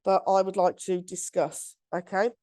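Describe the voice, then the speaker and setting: A woman's voice: mid-range voice, normal speed. Chatty woman reading a story. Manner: chatty, giggly, animated storyteller. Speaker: podcast co-host. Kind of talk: casual chat, reading out a listener story.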